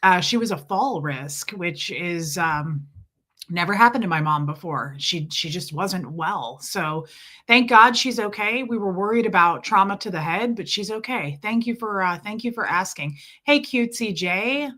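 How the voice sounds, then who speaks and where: A hoarse woman hosting a casual livestream, chatting and greeting viewers by name as she reads their comments aloud. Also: mid-range voice, expressive, moderate pace, pushed and bright. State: hoarse from illness. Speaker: livestream host.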